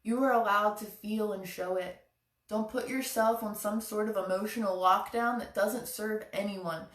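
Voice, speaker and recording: This chakra challenge host has a medium-pitched voice with fairly even intonation and a normal pace, recorded at a distance in an echoey room. She gives her live-stream viewers an earnest, encouraging motivational talk.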